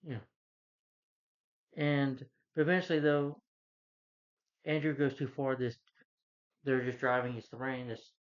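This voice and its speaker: A man giving a casual, rambling plot recap as a movie reviewer, with many restarts and "you know" fillers. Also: medium pitch. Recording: dull lo-fi recording.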